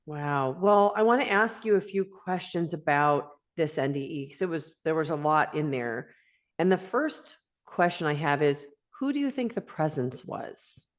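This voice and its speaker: A woman with a fairly low voice hosts an interview over a video call. She is chatty and warm as she reacts and asks her questions. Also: animated, moderate pace. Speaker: interview host.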